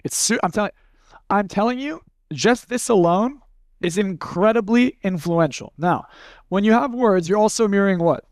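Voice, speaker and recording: A man leading a live seminar workshop, talking bluntly and casually, running demonstrations with volunteers and slipping into quick acted snippets. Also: high voice, animated, no room sound, clean studio sound. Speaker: seminar speaker.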